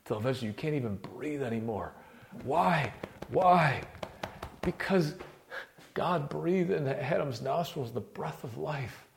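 A man preaching a sermon in a casual, slangy way, dropping to hushed, low murmurs and rising to loud, impassioned peaks. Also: expressive, a little slow, gravelly, slight background noise.

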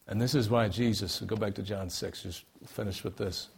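A man preaching a sermon, swinging between hushed, quiet stretches and loud, emphatic bursts, repeating key phrases for emphasis. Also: on the low side, steady tone, moderate pace, creaky, a little hiss or hum.

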